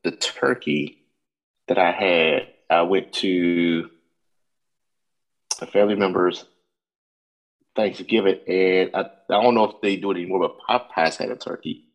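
A man's voice: low-pitched, steady tone, measured pace, long pauses, highs cut off, faint music behind. A man co-hosting a podcast, laid-back in casual chat, often giving short replies. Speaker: podcast co-host.

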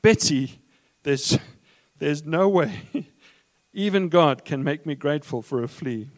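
A man's voice: fairly high pitch, expressive, slow pace. A man reading aloud and voicing a distressed, protesting woman prisoner, exclaiming and pleading.

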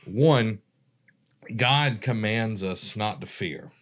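A man hosting a relaxed faith discussion and leading the conversation. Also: fairly low pitch, very slow. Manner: relaxed, conversational, leads the topic. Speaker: podcast host. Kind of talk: casual discussion.

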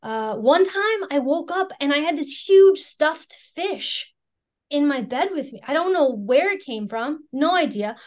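A woman's voice: high voice, expressive, unhurried, darkish tone. Frank American woman telling her story. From Chicago area, United States. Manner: frank, self-deprecating, many fillers like "you know" and "right". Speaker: speaker sharing recovery story. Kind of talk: candid personal testimony.

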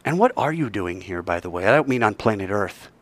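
A man's voice: fairly low pitch, a little fast. A man giving a sermon to students, telling a story in a conversational way and asking his listeners questions. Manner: lively, conversational, asks the audience questions. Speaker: speaker at a school chapel.

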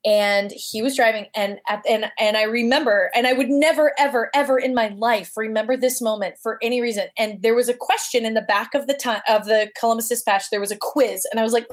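A woman's voice: fairly high pitch, a little fast, few pauses. A woman guest telling a personal story casually, acting out the voices she quotes. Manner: animated, acts out quoted voices.

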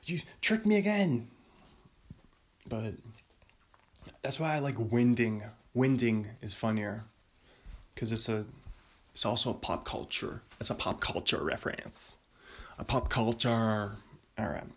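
A man's voice: on the low side, steady tone, unhurried, pauses often. A man hosting a solo podcast in a rambling, self-amused way, often laughing at his own jokes. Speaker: podcast host.

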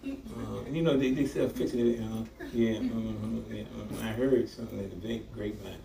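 A man's voice: fairly low pitch, steady tone, moderate pace, gravelly, mellow. A man preaching a sermon, talking back and forth with the congregation and laughing often. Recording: echoey room from far off, noisy.

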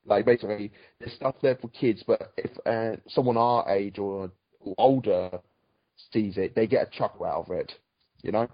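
A man's voice: on the low side, normal speed, no echo. A man chatting casually on a podcast about a cartoon, rambling and restarting his sentences. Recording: dull, dry, lo-fi sound.

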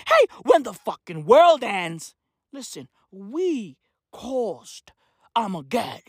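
A comedian delivering a manic, profane rant that swings between shouting and muttering. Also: mid-range voice, huge pitch swings, slow, no room sound, clean studio sound.

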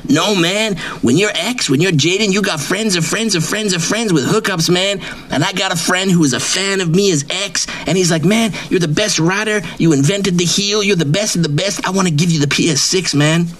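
A man's voice: sits high, moderate pace, fairly bright tone, voice pushed up. A man voicing a boastful, swaggering male wrestling writer who brags nonstop and repeats his catchphrases in a comedic character bit. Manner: brash bragging, repeats catchphrases, drawls "man" constantly.

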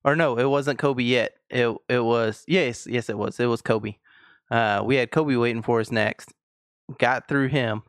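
A man co-hosting a casual podcast, arguing his point in a calm, measured way. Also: medium pitch, clean tone, dry recording, studio quality. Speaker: podcast co-host. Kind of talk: casual chat.

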